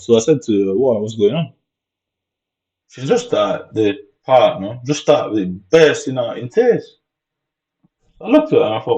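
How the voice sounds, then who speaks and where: A man talks in a rambling, agitated vlog monologue and swears often. His voice sits fairly low and has a warm, mellow tone. The recording sounds dull and lo-fi. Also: animated, moderate pace.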